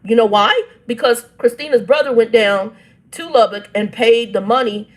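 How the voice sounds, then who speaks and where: A woman's voice: a little high, normal speed. A woman, telling a family dispute in a casual vlog. She reads text messages aloud and breaks in with blunt, irritated asides. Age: 50s. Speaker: channel host.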